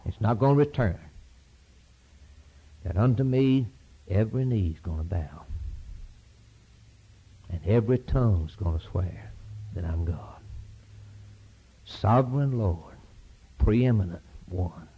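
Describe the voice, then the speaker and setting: A man's voice: expressive, unhurried, long pauses, slightly rough. Fiery preacher man on a dull old tape. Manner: impassioned, rising to shouted peaks then dropping low; repetitive, rhythmic preaching cadence. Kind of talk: sermon.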